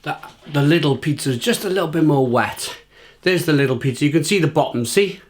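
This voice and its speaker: A man's voice: fairly high pitch, lively intonation, a little fast, a little hiss or hum. A British man in his thirties chatting casually to camera as a food reviewer, repeating himself and talking while he eats.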